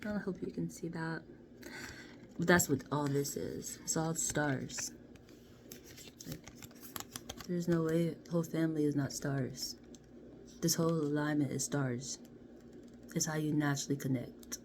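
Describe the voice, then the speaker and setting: A woman doing a casual card reading to camera, chatty and playful, often dropping into soft half-whispers. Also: low-pitched, measured pace, long pauses. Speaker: card reader. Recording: steady background noise.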